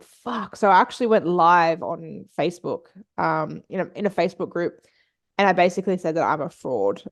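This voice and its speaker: A woman guesting on a podcast, telling a personal story candidly and swearing freely. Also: on the low side. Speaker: podcast guest, business and mindset coach.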